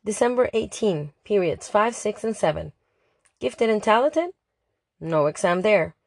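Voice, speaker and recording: A woman's voice: mid-range voice, animated, measured pace, gravelly, darkish tone, dry recording, studio quality. Woman narrating a chatty diary. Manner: chatty, dramatic, exasperated. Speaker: audiobook narrator. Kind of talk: first-person diary narration.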